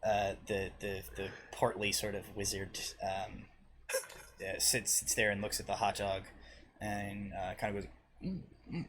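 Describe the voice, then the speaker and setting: A man's voice: lowish voice, monotone, measured pace, a bit bright, slight background noise. A man narrating as game master in a live tabletop game, with frequent ums and uhs. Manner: hesitant, many ums and uhs.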